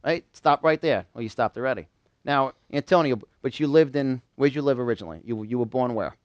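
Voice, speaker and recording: A man's voice: mid-range voice, animated, a little fast, dry recording, highs cut off. A man from New York giving a live motivational seminar, quizzing a small audience in call-and-response. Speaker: motivational speaker.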